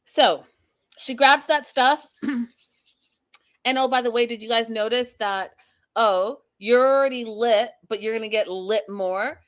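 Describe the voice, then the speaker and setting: A woman hosting a casual recap show in a fairly high voice. She talks bluntly and sassily and swears freely. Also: measured pace. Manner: blunt, sassy, profane. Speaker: host.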